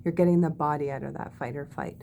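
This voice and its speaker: A woman teaching body-calming techniques in a gentle, demonstrative way, often checking in with "okay?". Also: deep voice, quick pace, gravelly, lo-fi sound, a little hiss or hum. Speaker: wellness teacher. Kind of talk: guided body-calming lesson.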